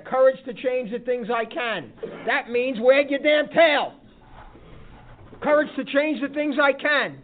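A man telling a folksy story to a recovery group, often checking in with a "huh?". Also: sits high. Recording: tinny phone-like sound.

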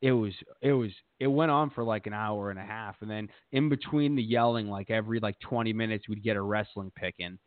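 A man's voice: fairly low pitch, brisk, hardly any pauses, dry recording. A man hosting a podcast, telling a rambling, profane story in a boastful casual way. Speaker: podcast host. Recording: tinny phone-like dry sound.

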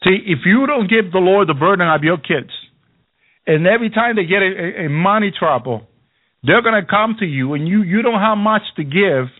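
Male preacher with a fairly high voice, repetitive exhortation full of hallelujahs, phone-like radio sound. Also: animated, moderate pace. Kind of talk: sermon.

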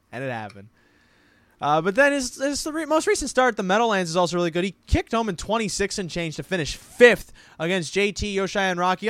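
A man hosting a casual horse racing picks show, animated and jokey with playful wordplay. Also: sits high, dry recording. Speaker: host. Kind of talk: casual harness racing handicapping chat.

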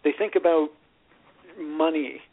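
A man's voice: fairly high pitch, fairly even intonation, a little slow. Male author on a tinny line. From Canada. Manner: articulate, explanatory. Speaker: author guest. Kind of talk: radio interview. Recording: tinny phone-like radio audio.

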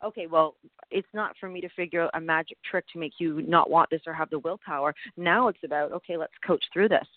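A middle-aged woman chatting as an interview guest, animated and quick to laugh, with many fillers. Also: sits low, no room sound. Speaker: interview guest, author and nutritionist. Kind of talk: casual interview conversation. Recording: tinny phone-like line.

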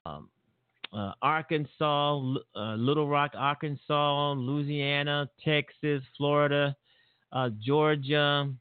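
A man's voice: fairly high pitch, fairly even intonation, slow pace, smooth, no echo. A man hosting a talk show, giving a blunt, rambling political monologue full of fillers and repeats. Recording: tinny phone-like line.

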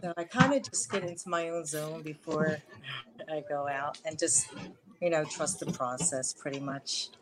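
A woman's voice: low voice, moderate pace, heavy background noise. A woman with a Philadelphia accent, talking as a guest actress in a casual video call interview, rambling and chatty with frequent laughter. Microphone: wireless earbuds at first.

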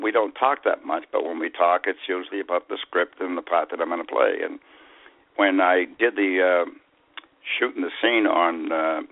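A man in his eighties with a Boston accent, telling rambling stories as an interview guest. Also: low voice. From USA. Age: 80s. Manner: rambling anecdotes, hesitant fillers. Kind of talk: storytelling interview. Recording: phone line.

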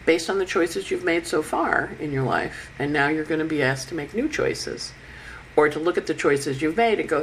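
Woman doing a chatty astrology forecast, acts out the planets in quick asides, sounds a bit sick, some faint hum behind. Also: low voice, animated, poor audio. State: unwell with covid. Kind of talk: weekly astrology forecast talk.

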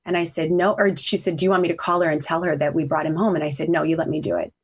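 A middle-aged woman with a low, husky voice shares a painful personal story. She speaks earnestly and from the heart, her voice sometimes close to tears as she talks it through. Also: steady tone, fast talker. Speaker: podcast guest, coach and author.

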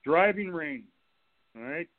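A man, a former football coach, calling in to a radio show and telling lively stories about his old players and staff. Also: fairly high pitch, takes it slowly, no echo. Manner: animated storyteller, acts out quotes, laughs along. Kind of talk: telling anecdotes on a call-in show. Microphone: telephone. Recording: tinny phone line.

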